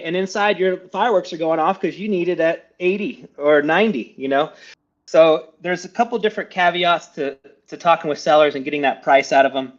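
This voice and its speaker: A man running a live sales training, rattling off advice at a rapid clip and checking in with his trainee as he goes. His voice sits a little high for a man. It comes through a dull, lo-fi video call line. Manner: fast, energetic, coaching with frequent checks like "okay?". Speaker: sales coach.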